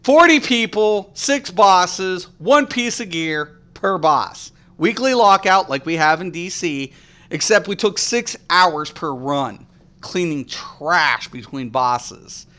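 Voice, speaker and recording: A male game streamer rants bluntly to his chat, swearing heavily and sounding casual yet combative. His slightly high voice has a bright, forceful edge, and he delivers it expressively and slowly.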